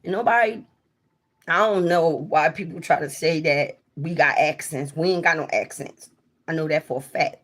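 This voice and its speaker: A woman's voice: deep voice, normal speed, fairly bright tone. A young woman from South Jersey with a South Jersey accent, chatting candidly and rambling on a casual livestream. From South Jersey, USA. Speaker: livestream host.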